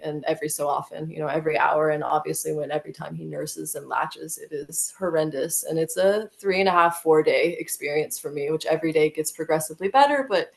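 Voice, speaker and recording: A woman's voice: low voice, creaky. An American woman telling a vivid, emotional personal story as a podcast guest, with many "like"s. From United States.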